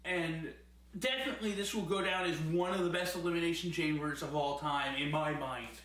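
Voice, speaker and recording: A man's voice: on the high side, brisk, fairly bright tone. A man giving a casual, enthusiastic spoken review as a host, rambling at times and laughing often. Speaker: wrestling show reviewer. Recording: very echoey room.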